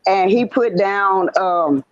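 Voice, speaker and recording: A woman calling into an online panel from work, speaking in a hesitant, halting way with many fillers. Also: mid-range voice, no echo. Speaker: panel caller. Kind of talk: casual panel talk. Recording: dull lo-fi call audio.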